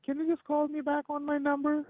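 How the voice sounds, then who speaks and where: A man's voice: very high voice, completely flat delivery, brisk, crowd noise. A man putting on a woman's voice, playing an insistent woman caller on a phone line. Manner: insistent, repetitive. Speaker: scammer.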